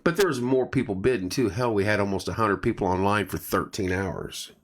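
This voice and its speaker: A middle-aged man with a very low, deep voice chats casually on a live stream. His voice is going, and he rambles, restarts sentences and stops to greet viewers by name. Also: fairly quick. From central Indiana. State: losing his voice.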